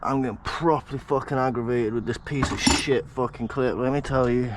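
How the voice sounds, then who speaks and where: A man's voice: medium pitch, steady tone, a little fast, noisy background. A man filming a car teardown, muttering and swearing in exasperation as he works on a stubborn part. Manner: exasperated, swearing, muttering to himself while working. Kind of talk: working commentary to camera.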